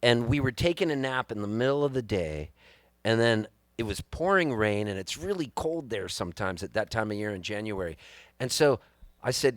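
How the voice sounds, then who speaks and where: Excitable male storyteller onstage, dry sound. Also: medium pitch, normal speed, dry recording. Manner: animated, excitable storyteller who acts out the people he quotes. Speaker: singer-songwriter performing live. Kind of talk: storytelling between songs on stage. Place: live music venue.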